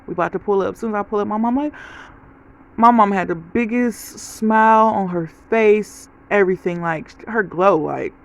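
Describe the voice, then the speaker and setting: Woman vlogger just talking to the camera, kinda gravelly, lots of stories, real chatty. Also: mid-range voice, moderate pace, rough recording. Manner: chatty storytelling, talks straight to viewers. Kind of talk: casual life-update chat.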